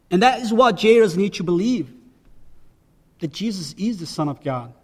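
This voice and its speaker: A man's voice: fairly high pitch, long reverb tail. A man preaching a sermon as a pastor, emphatic and repeating key phrases for weight.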